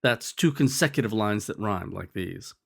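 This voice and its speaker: A man's voice: on the low side, expressive, normal speed, creaky, fairly bright tone. A man narrating a scripted lesson in a wry, explanatory way. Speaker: teacher.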